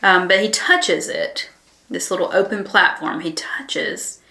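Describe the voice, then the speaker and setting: A woman leads a conversational Bible lesson as a Bible study teacher, her voice lower-pitched yet bright, forward, animated and gravelly. She comes across earnest and reflective, pausing on ums and starting thoughts over. The room has a noticeable echo.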